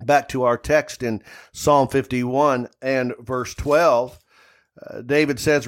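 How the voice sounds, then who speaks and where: Man preaching a sermon with pauses. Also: mid-range voice. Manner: unhurried preaching with many "uh" pauses, reading scripture aloud. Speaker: pastor.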